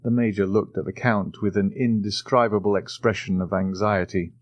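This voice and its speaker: A man narrating an audiobook in an even, steady storytelling manner. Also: lowish voice, normal speed, no room sound, dull audio. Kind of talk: scripted narration.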